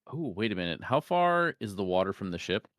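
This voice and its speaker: A man's voice: on the low side, sing-song, fairly quick, a bit bright, no room sound, clean studio sound. A man playing a tabletop game, speaking for his character in a hesitant, sheepish way. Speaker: player.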